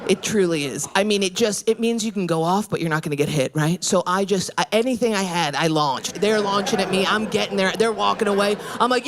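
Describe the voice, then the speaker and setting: A woman in her thirties doing a brash, profane stand-up set on a club stage, swinging her pitch wildly when she quotes people. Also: fairly quick, hardly any pauses. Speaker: stand-up comedian. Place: comedy club stage before a laughing audience. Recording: live room with loud crowd laughter.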